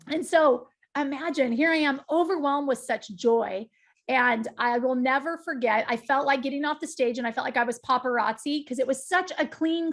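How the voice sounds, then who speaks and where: A middle-aged woman giving a talk, telling a personal story with emphatic energy and frequent asides to her listeners. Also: sits high. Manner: lively, emphatic storytelling with direct asides to the audience. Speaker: guest speaker.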